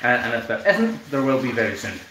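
A relaxed Scottish man chats through viewer comments during a home live stream, joking easily at his own expense. His voice sits in an ordinary middle pitch. The room around him rings with a noticeable echo. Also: fairly quick, noisy background. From Scotland. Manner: relaxed, chatty, self-deprecating humour. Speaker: hoof trimmer and channel host. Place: room in his newly built house.

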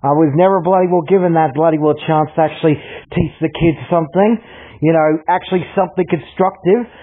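A man's voice: on the high side, steady tone, fairly quick. Angry man on tinny audio. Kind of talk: angry rant addressed to others.

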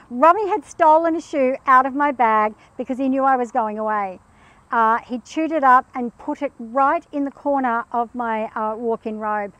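A woman chatting as a pet behaviour guest, telling animated anecdotes and acting out the quotes in them. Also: sits high, a little slow, no echo, poor audio. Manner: animated storyteller who acts out quotes. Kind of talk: casual chat with anecdotes.

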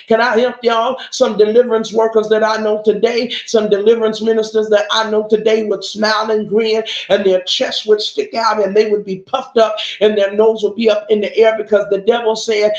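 A woman preaching a sermon, emphatic and calling out to the congregation, reading scripture slowly. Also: medium pitch, flat delivery, reverberant, lo-fi sound. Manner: reads scripture slowly and deliberately.

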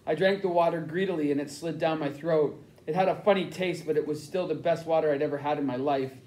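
A man narrating a novel in the first person with steady storytelling. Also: on the high side, fast. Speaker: audiobook narrator. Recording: roomy echo.

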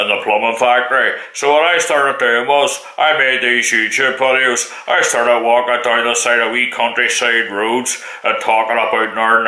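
A man with a Northern Irish accent putting on a boastful Northern Irish YouTuber who rambles through a salesy get-rich pitch. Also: pushed and bright, lightly acted. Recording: roomy echo.

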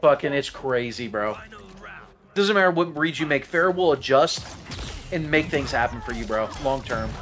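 A man's voice: medium pitch, expressive, moderate pace, a bit bright. A man live-streaming a fighting game, talking to his chat in casual slang, cursing and calling people bro. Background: game music.

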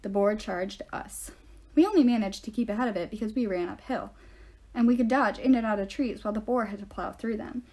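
A woman reading a novel aloud in steady first-person storytelling. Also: mid-range voice, a little fast. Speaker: audiobook reader.

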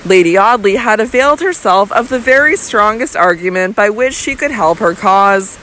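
A woman narrating a classic novel in a measured, even storytelling manner. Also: mid-range voice, a little hiss or hum, poor audio. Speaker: audiobook narrator.

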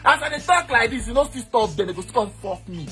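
A man with a Nigerian accent, mixing Pidgin and Yoruba, ranting loudly and boastfully, now and then shouting or slipping into a sing-song. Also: extremely high pitch, lively intonation, fast, faint music behind. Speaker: eyewitness in a played clip. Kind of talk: heated rant.

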